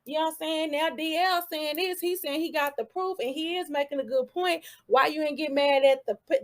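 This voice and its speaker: A woman hosting her own channel, giving casual commentary full of rhetorical questions and asides. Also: high voice.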